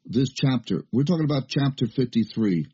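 A man's voice: medium pitch, expressive, normal speed, warm tone, slightly rough. An older man preaching a sermon in an emphatic, folksy way, with fillers and rising questions. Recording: muffled lo-fi recording.

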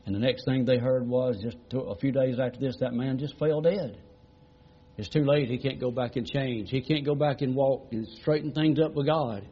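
Pastor, middle-aged man, husky voice, folksy sermon storyteller, muffled lo-fi recording. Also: mid-range voice, steady tone, moderate pace. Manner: folksy, repetitive retelling with many "he said" tags.

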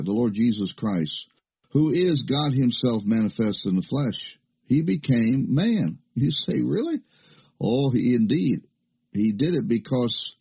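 A man's voice: mid-range voice, dark tone, slightly rough. An older man preaching a sermon in an emphatic, folksy way, with fillers and rising questions. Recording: muffled lo-fi recording.

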